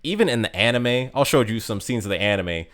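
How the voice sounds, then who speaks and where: A man's voice: mid-range voice, lively intonation, fairly quick, a bit bright. A man casually talking through a game character ranking, rambling with many fillers and restarts. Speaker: game guide youtuber.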